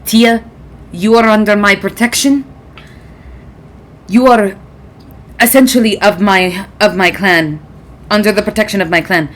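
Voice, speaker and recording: A stern male vampire doctor, formal and protective, who speaks in clipped, measured sentences, as a woman puts him on during a tabletop game. The voice sits at a middling pitch for a woman. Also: fairly even intonation, close to an everyday voice. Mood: grave. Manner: formal, clipped address with titles. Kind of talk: tabletop role-play in character.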